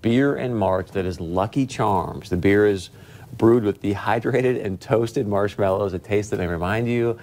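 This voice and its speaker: Low-voiced man joking as news co-anchor. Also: unhurried, a little mellow. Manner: teasing, jokey, tells anecdotes. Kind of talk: casual on-air banter between news stories. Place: TV news studio.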